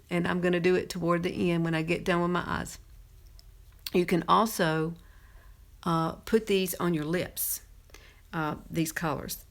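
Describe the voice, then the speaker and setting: A woman's voice: lowish voice, fairly bright tone. A woman in her fifties with a Southern American accent, chatting casually through a makeup tutorial and laughing often as she works. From Southern United States. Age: 50s. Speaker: makeup presenter.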